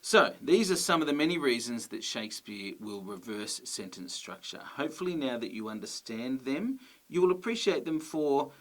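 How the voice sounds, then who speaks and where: A man teaching a grammar lesson, explaining clearly and patiently and checking in with his listeners. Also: mid-range voice, sing-song, moderate pace, a bit bright.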